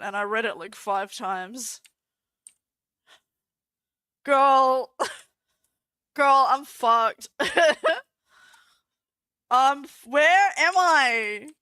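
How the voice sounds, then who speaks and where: A woman's voice: on the high side, bright, forceful tone, dry recording. A young Australian woman, stoned, chatting crudely with her stream chat and swearing freely.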